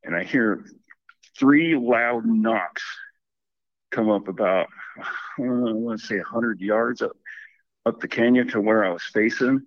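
A man's voice: on the low side, unhurried, long pauses, no room sound, dull audio. A man calling in to a show, telling a long story casually with lots of restarts and quoted asides. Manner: rambling, restarts and self-quoting. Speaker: caller.

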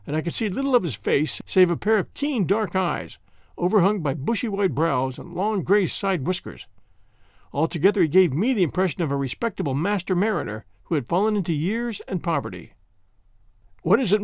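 A man narrating a story aloud as an audiobook reader, in an even, measured way. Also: high-pitched, vocal fry, no room sound, studio quality.

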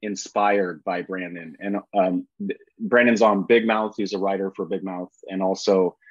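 A man in his thirties, a podcast guest, talking in a halting way with many restarts. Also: low voice, steady tone, husky, dry recording, dull audio. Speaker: podcast guest, actor and author. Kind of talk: casual chat.

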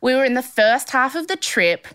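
A woman's voice: sits high, very animated, moderate pace, fairly bright tone. A woman hosting a podcast in casual chat from a safari tent, giggly and rambling. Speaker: podcast host.

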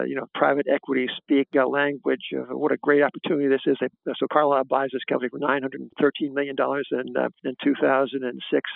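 Host, male, gravelly voice, halting with fillers, dry wit, dry phone-line sound. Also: mid-range voice, dry recording. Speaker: podcast host. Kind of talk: conversational interview.

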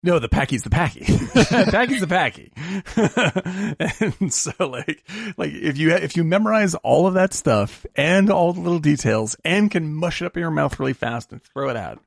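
A man co-hosting a podcast in casual chat, animated, laughing often and swearing casually. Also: a little high, a little slow, creaky, no echo, clean studio sound. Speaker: podcast co-host.

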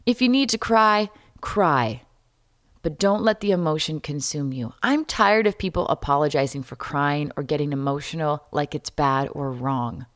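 A woman hosting a solo podcast, talking candidly and wryly, jumping between loud jokes and quiet asides. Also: sits low, normal speed, no echo, studio quality. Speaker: podcast host.

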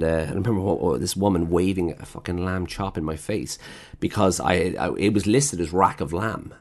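A man who runs restaurants, telling blunt, profane stories about customers in a casual conversation, acting out their lines. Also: low voice. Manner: blunt storyteller who swears freely and acts out customers. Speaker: chef and restaurant owner.

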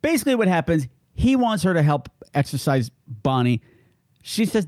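A man co-hosting a podcast, chatting casually and jokily, with quick asides in comic voices. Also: fairly high pitch, no echo, clean studio sound. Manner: jokey, animated, slips into comic voices. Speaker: podcast co-host. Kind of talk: casual chat.

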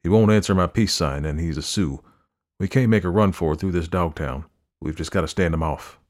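A deep-voiced man reading a gruff young frontier scout in an audiobook, blunt and steady. He talks in a folksy frontier dialect and gives short, plain commands. The voice sits very low. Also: brisk, close to an everyday voice. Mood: wary. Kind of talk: audiobook character voice.

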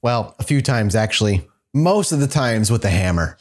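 A man's voice: fairly low pitch, moderate pace. A man playing an offhand, nonchalant caller. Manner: flat, offhand replies. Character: calm male caller, chillingly nonchalant.

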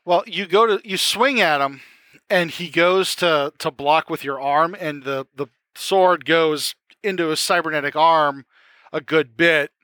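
A man's voice: on the high side, unhurried, pushed and bright, clean tone, dry recording, clean studio sound. A man as game master narrating a tabletop game in a rambling style full of fillers.

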